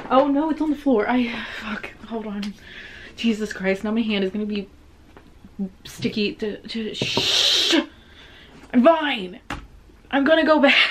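A young woman talks through a reaction video in a casual, excitable way, often flustered and laughing. Her voice sits slightly high. A faint background hiss runs under the recording. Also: slow pace, long pauses.

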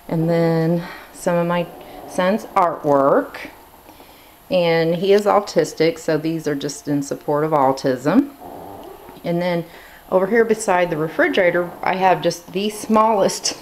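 A woman's voice: fairly low pitch, slight background noise. A woman in her thirties giving a casual tour of her home kitchen, chatty with lots of ums and likes, a little out of breath, filming as she walks around. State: slightly out of breath. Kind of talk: casual walkthrough narration.

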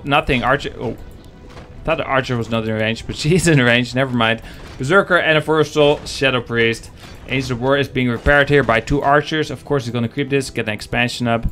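A man's voice: medium pitch, fairly bright tone. A man casting a live strategy game match, joking and chatting with his viewers. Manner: joking, chatty, talks to the chat. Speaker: game caster. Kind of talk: live esports commentary.

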